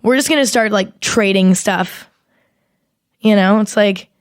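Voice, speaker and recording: A young woman hosting a casual solo podcast, rambling and swearing as she talks in an animated, exaggerated way into a close mic. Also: medium pitch, a little slow, pauses often, dry recording. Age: young adult. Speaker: podcast host.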